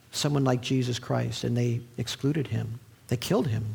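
A man's voice: normal speed, gravelly, breathy edge. A man preaching a sermon in a conversational, storytelling way, with frequent restarts. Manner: animated, sweeping pitch.

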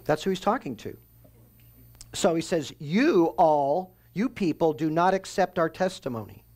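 A man's voice: fairly high pitch, expressive, a little slow, a little mellow. A man preaching a verse-by-verse sermon, explaining scripture in a conversational teaching tone and asking and answering his own questions. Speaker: pastor. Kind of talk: expository sermon.

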